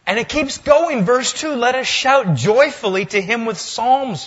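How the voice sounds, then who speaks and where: A male pastor preaching a sermon in a church, lively and swinging between loud, emphatic lines and hushed asides. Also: very high voice, moderate pace, hardly any pauses, muffled recording. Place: church sanctuary.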